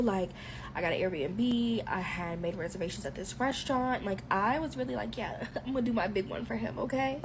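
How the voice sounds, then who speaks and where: A woman telling a personal story to her viewers, animated and excitable, with swearing. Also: mid-range voice, moderate pace, noisy background. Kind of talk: storytime, casual chat.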